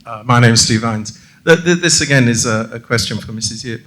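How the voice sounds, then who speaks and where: A man's voice: mid-range voice, brisk, fairly bright tone, slight background noise, rough recording. A man, a journalist in the audience, asking a panelist a long, pointed and combative question.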